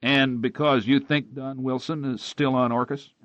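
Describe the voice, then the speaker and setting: A man voicing a calm, dry-witted male lawyer who speaks in a measured, wry way. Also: medium pitch, no room sound, dull audio, pitched above the performer's own voice, natural voice.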